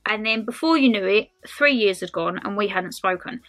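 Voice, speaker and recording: Chatty bright-voiced woman in her twenties. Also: mid-range voice, expressive, moderate pace, soft background music. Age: 20s. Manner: chatty, rambling, calls viewers "my lovelies". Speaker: lifestyle vlogger. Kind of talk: casual Q&A chat to camera.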